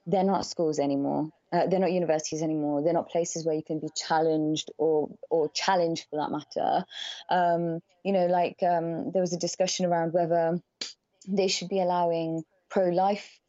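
Woman, outspoken, swears a lot, mellow lowish voice, dry slightly dull podcast sound. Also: level tone, moderate pace, no echo. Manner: blunt, swears freely, laughs often. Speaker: podcast guest, charity worker. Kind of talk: casual podcast conversation.

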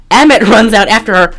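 A woman co-hosting a podcast, recapping a movie in casual chat, animated and profane, with lots of fillers and laughter. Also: mid-range voice. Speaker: podcast co-host.

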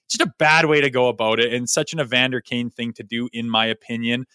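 A man's voice: mid-range voice, steady tone, fast, sharp tone, clean tone, no room sound, studio quality. A man, a former pro hockey player, giving blunt, opinionated takes in a casual sports podcast and swearing freely.

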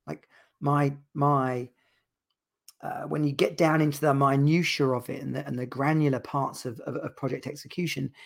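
A man's voice: a little high, creaky, husky. A man hosting a podcast, talking casually and rambling with many restarts and repeated words. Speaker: podcast host and dads' coach. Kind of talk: casual solo podcast talk.

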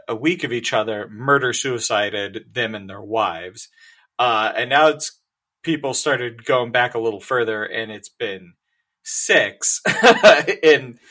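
A man's voice: medium pitch, sharp tone. A man co-hosting a podcast, explaining a news story with wry laughs. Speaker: podcast co-host. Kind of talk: casual banter.

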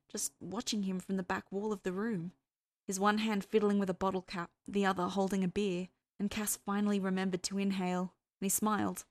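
A woman's voice: mid-range voice, no room sound. Woman narrating a story, dry close sound. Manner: measured storytelling, voicing characters. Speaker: fan fiction reader. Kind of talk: audiobook-style story narration.

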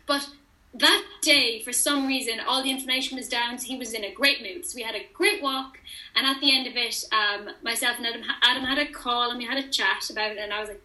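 Young woman, guest in a chat, lively storyteller, crisp bright tone. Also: a little high, fairly quick, roomy sound, poor audio. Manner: animated storyteller who acts out quoted dialogue. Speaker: interview guest. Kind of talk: casual chat.

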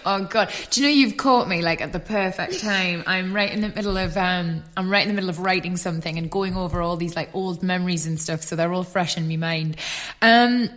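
A woman's voice: fairly low pitch, fairly quick, a bit bright. A woman from Newcastle with a Geordie accent, a podcast guest in casual chat, frank, swearing freely and laughing as she talks. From Newcastle, England.

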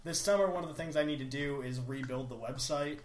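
A young male podcast host reads listener emails aloud and drops dry, wry remarks between them. His voice sits a little high, and the recording has the echo of a bare room with a faint hiss underneath. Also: a little fast. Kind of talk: casual chat.

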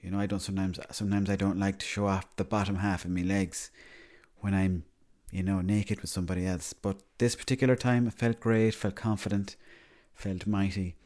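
A man with an Irish accent telling a rambling comic story in a deadpan, matter-of-fact way, stopping and correcting himself as he goes. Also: deep voice, brisk. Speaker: comedy character monologue.

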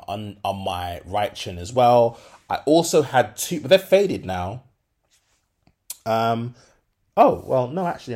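A man's voice: mid-range voice, a little mellow. A young adult man, hosting a solo podcast and talking candidly in slangy speech with many fillers. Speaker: podcast host.

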